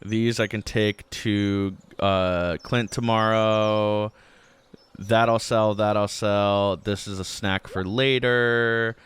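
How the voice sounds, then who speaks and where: A man's voice: on the low side, flat delivery, slow pace, fairly bright tone, clean tone. A man hosting a gaming channel, rambling casually through let's-play commentary with many filler words.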